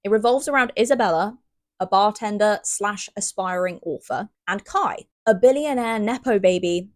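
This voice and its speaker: A woman's voice: medium pitch, moderate pace, no echo. A young British woman from Great Britain chatting casually in a book review vlog, bubbly and playfully dramatic. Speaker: book vlogger.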